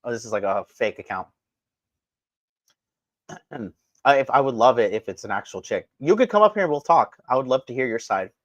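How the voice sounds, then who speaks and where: A man's voice: medium pitch, lively intonation, normal speed, long pauses, no room sound, lo-fi sound. A man hosting a livestream, delivering a profane, combative rant and talking straight to his chat. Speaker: livestream host. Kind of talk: ranting livestream commentary.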